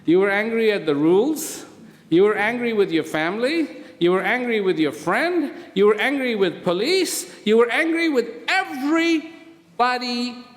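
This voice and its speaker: A man giving a motivational talk to prison inmates, speaking slowly and deliberately and asking many rhetorical questions. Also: sits high, expressive. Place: prison hall. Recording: reverberant hall.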